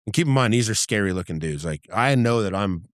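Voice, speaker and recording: A middle-aged man with a lowish voice recounts his undercover days in a loose, conversational way. He swears freely and slips into the voices of the people in his stories. The recording is close and dry, with almost no room sound. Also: expressive, fairly quick, dry recording. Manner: vivid, profane anecdote-telling that acts out dialogue. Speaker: podcast guest, former undercover agent. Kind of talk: casual storytelling interview.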